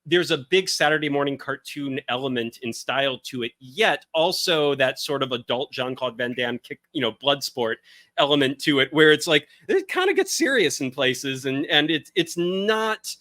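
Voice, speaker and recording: A man's voice: medium pitch, animated, normal speed, pushed and bright, no room sound, clean studio sound. A man hosting a podcast, chatting casually and eagerly piling up tasting notes. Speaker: podcast host. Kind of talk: casual wine tasting chat.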